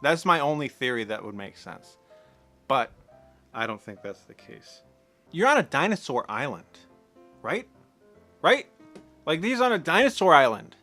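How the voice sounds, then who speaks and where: A man's voice: on the high side, big pitch swings, unhurried, long pauses, bright, forceful tone, soft background music. A man ranting through a sarcastic, profane film commentary, exasperated and incredulous. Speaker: movie commentator.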